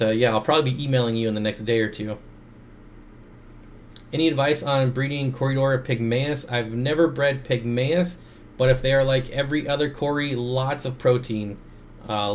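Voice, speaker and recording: A man's voice: medium pitch, slight background noise. A man hosting a casual livestream Q&A from home, rambling with many fillers as he reads and answers chat at his computer through a desk microphone.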